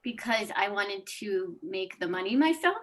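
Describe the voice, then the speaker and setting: A woman's voice: medium pitch, animated, normal speed, low-quality recording. A woman attending a sales workshop, answering candidly during a role-play.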